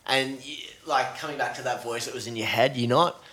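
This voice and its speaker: Enthusiastic podcast host. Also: male voice, mid-range voice, steady tone, a little fast, bright, forceful tone, slightly rough. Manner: enthusiastic, casual, swears freely. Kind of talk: casual conversation.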